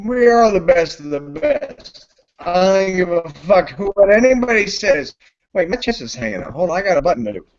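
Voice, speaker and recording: A man's voice: high voice, big pitch swings, fairly quick, a little hiss or hum. An intoxicated man hosting a live stream, rambling loosely and swearing constantly. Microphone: computer mic on a live stream. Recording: lo-fi online stream audio.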